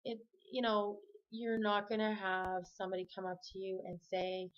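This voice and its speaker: A woman's voice: medium pitch, monotone, normal speed, hardly any pauses, dull audio. A woman hosting a video podcast, talking casually and encouragingly, with frequent ums and restarts. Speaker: podcast host. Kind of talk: casual talk to camera.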